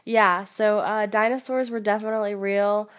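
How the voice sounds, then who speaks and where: A woman's voice: medium pitch, fairly even intonation, moderate pace. Giggly young woman guest, rambling jokes. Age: young adult. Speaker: podcast guest. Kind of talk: playful mock podcast chat.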